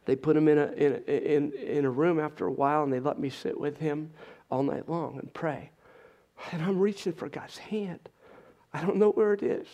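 A man's voice: a little high, normal speed, warm tone. A middle-aged man telling an audience an emotional personal testimony, earnest and urgent. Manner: earnest, urgent, intense retelling. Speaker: speaker giving a personal testimony.

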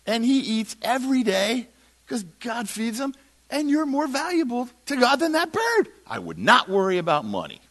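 Brief: a man doing a patient, amused teacher, pitched high and bright, repeating himself playfully. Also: exaggerated voice. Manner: gently insistent, playfully repetitive. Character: patient, amused male teacher pointing at birds.

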